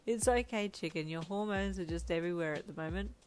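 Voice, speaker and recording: A woman reading a fan story, voicing an affectionate, doting young man with a soft, tender delivery. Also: lowish voice, brisk, slight background noise, natural voice. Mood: cheerful.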